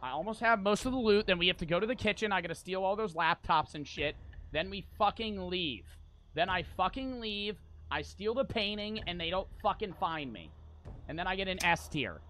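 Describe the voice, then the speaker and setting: Guy streaming a game, high sharp voice, cussing and fed up, talking to chat. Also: animated, normal speed. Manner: frustrated, swearing, talking to chat. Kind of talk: live gameplay commentary.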